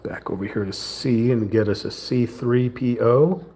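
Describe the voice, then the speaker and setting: A man's voice: mid-range voice, fairly even intonation, measured pace, warm tone. A man hosting a livestream, chatting casually as he assembles a wooden model kit and narrates each step to himself. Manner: chatty, self-talking, mild southern lilt at times. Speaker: livestream host building a puzzle kit. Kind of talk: casual hands-on build narration.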